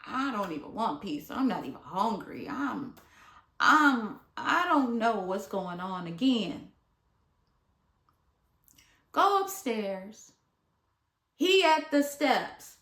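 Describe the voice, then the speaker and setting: A woman from Michigan with a high, bright voice tells a casual storytime at an unhurried pace. She acts out each person she quotes with animated flair and sometimes drops to a near-whisper. The recording has the echo of a bare room. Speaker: vlogger. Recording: echoey room.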